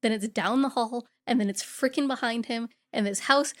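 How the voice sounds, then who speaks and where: A woman co-hosting a podcast, recapping a horror movie in casual, profane, animated chat. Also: on the high side, normal speed. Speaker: podcast co-host.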